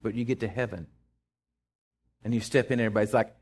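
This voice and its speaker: A middle-aged man, preaching a sermon in a folksy, animated way with lots of restarts. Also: fairly low pitch, fast, long pauses, husky. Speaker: pastor.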